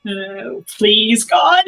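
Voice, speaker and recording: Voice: mid-range voice, lively intonation, extremely slow, a bit bright. A player at a tabletop game, chiming in with short, eager interjections. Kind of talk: casual chat at a tabletop game.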